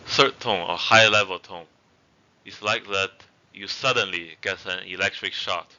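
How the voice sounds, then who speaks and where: A man slowly teaching words in a language lesson, saying each word twice before explaining what it means. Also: low voice, sharp tone. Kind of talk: slow spoken language lesson. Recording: dull lo-fi recording.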